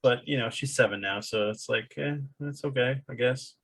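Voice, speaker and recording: A man co-hosting a podcast in casual chat, jokey and quick to laugh. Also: mid-range voice, vocal fry, a bit bright, low-quality recording. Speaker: podcast co-host.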